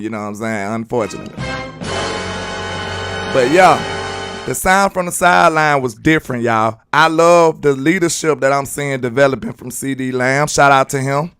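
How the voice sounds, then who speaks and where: A man with a Southern US accent hosting a casual livestream sports commentary. He talks in an animated, slangy way and breaks into sing-song shout-outs. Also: medium pitch. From Alabama. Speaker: sports channel host.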